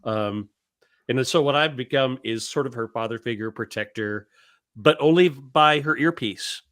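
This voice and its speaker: A man voice actor describing his roles in a casual video-call interview, relaxed and hesitant with ums. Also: mid-range voice, normal speed.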